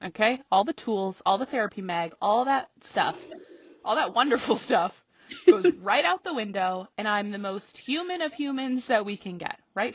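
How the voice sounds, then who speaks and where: A woman hosting a podcast tells a personal story in a casual, lively way. She laughs often and jumps high when she acts out her own reactions. Her voice is slightly husky, recorded dry and a little muffled. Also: moderate pace, no echo. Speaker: podcast host.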